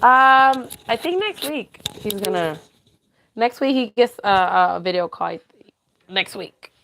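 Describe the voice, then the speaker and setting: A tired woman hosts a relaxed call-in podcast. She chats in a loose, scattered way and laughs often. She sometimes switches to a sing-song voice to coax a baby. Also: mid-range voice, a little slow, gravelly. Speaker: podcast host. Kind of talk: casual chat with a caller.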